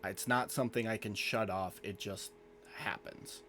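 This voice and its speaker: A man voicing a small, shy, floating male crystal creature that speaks in a hushed, half-whispered, sheepish way. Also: lowish voice, steady tone, measured pace, slight background noise. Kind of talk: tabletop role-play voicing.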